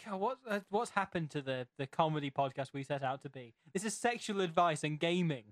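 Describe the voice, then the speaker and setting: Wry young man, slightly high voice. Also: brisk, no echo. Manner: deadpan absurd jokes, wry. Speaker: podcast co-host. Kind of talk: casual comedic chat.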